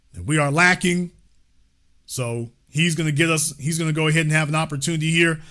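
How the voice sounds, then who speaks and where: Male livestream host: sarcastic and mocking, with a bright, forceful voice. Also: fairly high pitch. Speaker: livestream political show host. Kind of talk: livestream commentary.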